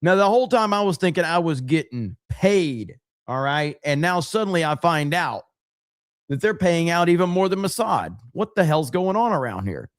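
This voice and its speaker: A man's voice: on the high side, sing-song, normal speed. A man hosting a casual livestream podcast, laughing often and rambling as he reads out viewer messages. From United States.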